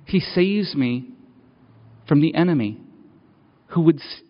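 A man's voice: on the high side, lively intonation, slow. Male preacher, conversational storyteller who builds with repeated phrases; long hall echo, slightly muffled sound. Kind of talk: personal sermon storytelling. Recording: dull, reverberant hall sound.

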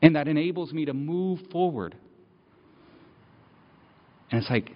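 A man's voice: a little high, animated, unhurried. A man preaching a story-driven sermon in an easy, conversational way, leaning on repeated phrases as he builds intensity. His voice rings with a long hall reverb. The recording sounds a little dull.

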